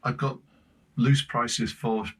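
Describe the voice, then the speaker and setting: A man with an English accent, a podcast guest telling travel stories in lively casual chat, laughing often. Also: medium pitch, takes it slowly. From Britain. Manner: animated storyteller, laughing often.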